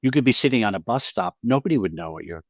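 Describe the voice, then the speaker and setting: A man co-hosting a podcast about acting, chatting in an animated way, acting out quotes and often laughing. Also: mid-range voice, fast, no echo, clean studio sound. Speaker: podcast co-host and acting teacher. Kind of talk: casual conversational podcast chat.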